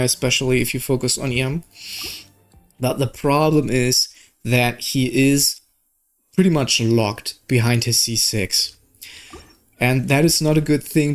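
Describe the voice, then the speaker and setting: A young man from Germany with a German accent, giving casual gameplay commentary, excitable and swearing at the game. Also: mid-range voice. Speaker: gaming streamer.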